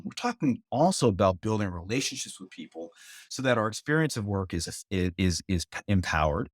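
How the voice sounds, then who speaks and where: A man, a guest author, talking about leadership in a relaxed studio conversation, thinking aloud and restarting words as he goes. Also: lowish voice, no room sound. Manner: reflective, repeats and restarts words while thinking. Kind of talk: casual conversation. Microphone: studio mic.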